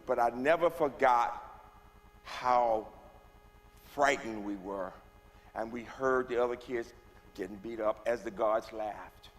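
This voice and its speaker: A man, giving a personal testimony as a guest speaker, moving from hushed tones to rising, forceful delivery. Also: mid-range voice. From Birmingham, Alabama. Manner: dramatic storyteller, swings from hushed to rising loud. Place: church. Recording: long reverb of a church hall.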